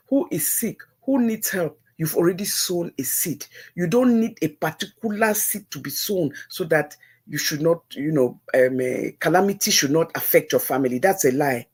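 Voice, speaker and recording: A woman's voice: lowish voice, darkish tone, breathy edge. A middle-aged woman with a Nigerian accent, hosting a livestream and giving earnest, preachy advice to her viewers, repeating herself for emphasis. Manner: preachy, religious. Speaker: livestream host. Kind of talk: casual advice talk to live viewers.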